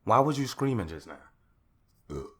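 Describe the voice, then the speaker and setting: Bright-voiced young man ranting on a podcast. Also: on the low side, moderate pace, husky. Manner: rants loudly, then calms down. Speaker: podcast host.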